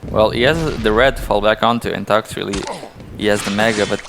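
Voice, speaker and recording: A man's voice: fairly low pitch, brisk, vocal fry, background noise. A man co-casting a live esports match, analytical and incredulous at big plays. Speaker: esports co-caster. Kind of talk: live game commentary.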